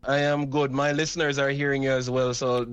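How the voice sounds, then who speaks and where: Laid-back broadcaster, dry close sound. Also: male voice, mid-range voice, level tone, fairly quick, a bit bright, clean tone, no room sound, muffled recording. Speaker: radio broadcaster. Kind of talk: casual on-air chat.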